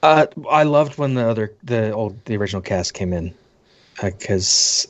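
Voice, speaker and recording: A man guesting on a casual podcast, relaxed and laid-back in his replies. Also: on the low side, moderate pace, lo-fi sound. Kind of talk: casual chat.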